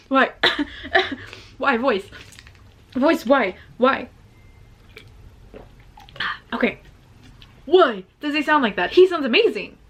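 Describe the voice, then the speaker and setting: A young woman hosting a music reaction video, talking casually to her viewers and gasping and stammering with excitement as she listens. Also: high-pitched, very slow, long pauses, a little hiss or hum. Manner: talks straight to viewers. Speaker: reaction channel host.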